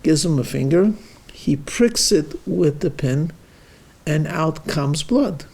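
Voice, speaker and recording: Slow gravelly rabbi telling a joke. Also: male voice, a little high, animated, a little mellow. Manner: slow, deliberate storytelling, acting out dialogue. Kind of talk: joke-telling in a weekly lecture.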